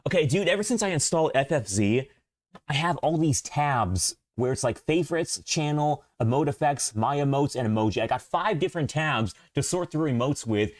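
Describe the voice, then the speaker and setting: A man chatting casually on a live stream, rambling with fillers and often laughing, his voice leaping up high whenever he gets excited. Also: moderate pace.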